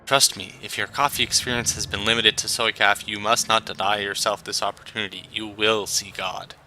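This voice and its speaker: A man voicing a genial, salesy middle-aged male coffee vendor who talks in smooth, flattering patter. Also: fairly low pitch, a little fast, slight background noise, rough recording.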